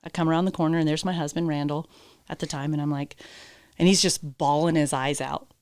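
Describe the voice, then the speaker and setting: A woman with a fairly low voice tells her story as a podcast guest, blunt and emphatic, dropping casual swear words and acting out what people said. The sound is dry and close, with no room around it. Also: fairly even intonation, fairly quick, a little mellow, dry recording. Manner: acts out quoted dialogue. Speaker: podcast guest, horse trainer. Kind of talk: candid interview storytelling.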